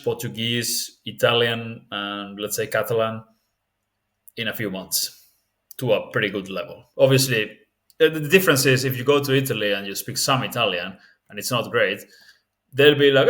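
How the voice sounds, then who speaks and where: A man's voice: mid-range voice, a bit bright. Candid, rambling man explaining language learning. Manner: candid and rambling, with frequent restarts. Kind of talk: casual spoken tutorial.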